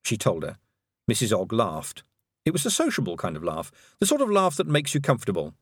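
A man narrating a storybook in an animated reading voice. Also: lowish voice, fairly quick, breathy edge, no room sound, clean studio sound. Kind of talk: audiobook narration.

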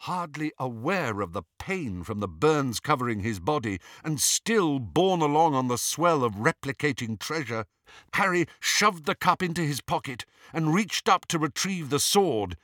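Male audiobook reader, dramatic delivery, slightly high voice, dry close sound. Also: dry recording. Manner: dramatic, expressive reading with acted shouts. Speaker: audiobook narrator. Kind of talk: scripted audiobook narration.

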